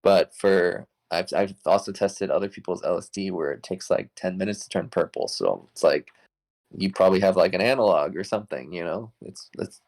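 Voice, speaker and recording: A man's voice: sits low, normal speed, a little mellow, poor audio. A young man casually telling a wild story as an interview guest, rambling with lots of "like" fillers, swearing and laughing as he goes.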